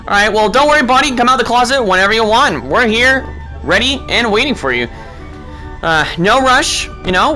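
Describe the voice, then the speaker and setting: A man giving let's play commentary, sarcastic and excitable, taunting the game's characters, swearing, and breaking into panicked yelling. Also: high-pitched. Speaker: gamer.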